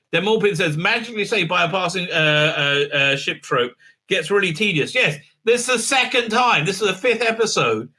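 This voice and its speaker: Guy ranting through a show review, high sharp voice, lots of uhs, sarcastic. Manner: sarcastic, mocking impressions in a shrill voice; many filler sounds. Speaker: show host reviewing episodes. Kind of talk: casual spoken review.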